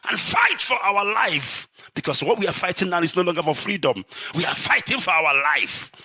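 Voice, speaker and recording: A middle-aged Nigerian man giving an impassioned live address, swinging from shouts to low, urgent warnings. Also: breathy edge, no room sound. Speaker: activist speaker.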